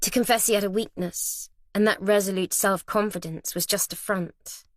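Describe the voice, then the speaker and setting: A woman reading a thriller audiobook at a measured, steady pace. The recording is very dry and close, with no room sound. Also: mid-range voice, no room sound. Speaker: audiobook narrator. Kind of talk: scripted narration.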